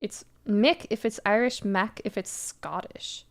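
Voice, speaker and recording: A woman's voice: medium pitch, a little slow. Chatty woman streamer. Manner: chatty, explanatory. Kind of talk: casual chat while playing a game.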